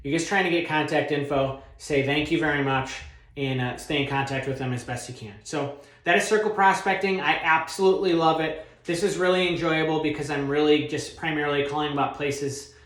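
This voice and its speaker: A real estate broker with a voice on the high side speaks a little fast in a reverberant space, teaching cold calling. His instructional talk is energetic, confident and casual, with many fillers, and he acts out phone scripts.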